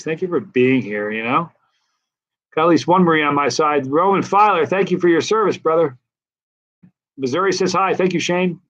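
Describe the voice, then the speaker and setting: A middle-aged man with a slightly high voice, hosting a relaxed live-stream question session. He rambles easily between answers and viewer shout-outs. The sound is dull and lo-fi. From United States, East Coast. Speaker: host of a hot pepper channel. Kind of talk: casual live-stream Q&A chat.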